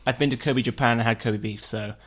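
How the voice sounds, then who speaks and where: A man's voice: mid-range voice, steady tone, fast, crowd noise. A man co-hosting a casual gaming podcast who earnestly defends his opinions, often restarting his sentences. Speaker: podcast co-host. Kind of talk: casual group chat about video games.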